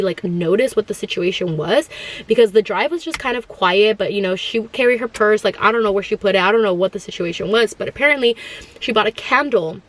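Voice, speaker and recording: A woman in her thirties telling a casual storytime, rambling with lots of filler words and sometimes dropping in Spanish phrases. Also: medium pitch. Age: 30s. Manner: rambling, heavy use of "like" fillers. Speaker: vlogger.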